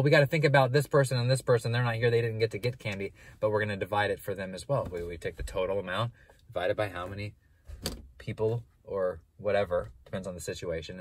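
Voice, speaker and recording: Explaining averages, this male math teacher keeps things loose and animated, frequently reworking his phrasing and breaking off partway through sentences. His mid-range voice has no room sound around it.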